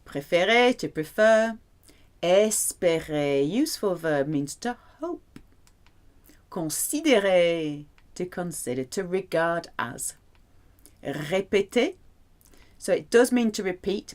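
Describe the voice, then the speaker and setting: Lively, playful woman teaching French. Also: lowish voice. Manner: lively, playful explaining with slow drilled repetitions. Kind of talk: language lesson.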